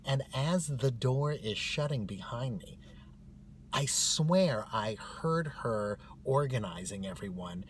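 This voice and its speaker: A man telling a comic personal story in a wry, animated way. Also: mid-range voice, takes it slowly, a little hiss or hum.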